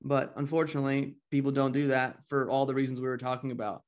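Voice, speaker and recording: A man's voice: medium pitch, little pitch movement, fast. Blunt, casual podcast co-host man. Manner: casual, blunt, swears freely. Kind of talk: podcast interview.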